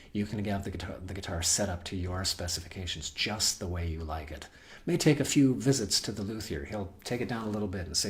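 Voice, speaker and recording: A man's voice: low voice, a little hiss or hum. Man losing his voice, chatting about guitars. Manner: rambling, folksy, restarts often. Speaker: guitar shop host. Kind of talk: casual video talk to viewers. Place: guitar shop.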